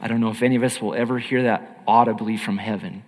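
A man preaching a sermon in an earnest, emphatic way, swinging between loud and hushed. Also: fairly low pitch, fairly even intonation, fast, in a large hall.

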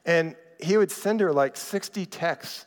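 A man's voice: on the high side, unhurried. Conversational male pastor in an echoing hall. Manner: conversational and animated, acting out quotes. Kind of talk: sermon. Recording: reverberant hall.

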